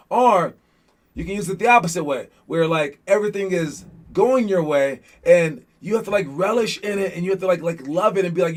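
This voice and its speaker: A man's voice: sits high, expressive, fast talker. A young man coaching young basketball players in a casual, rambling motivational talk full of fillers and restarts.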